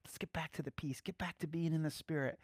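A man's voice: fairly high pitch, fairly even intonation, fast, no room sound, studio quality. A man giving a casual, playful sermon, laughing often as he speaks. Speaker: preacher.

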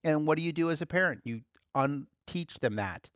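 Relaxed, chuckling man preaching. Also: fairly high pitch, normal speed, dry recording, clean studio sound. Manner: relaxed, chuckles often, repeats key phrases. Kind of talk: conversational teaching.

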